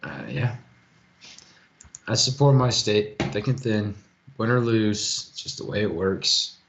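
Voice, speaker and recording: A man's voice: fairly low pitch, animated, slow pace, creaky. A man from Colorado in casual table chat, blunt and swearing freely. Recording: roomy, muffled mic with faint hiss.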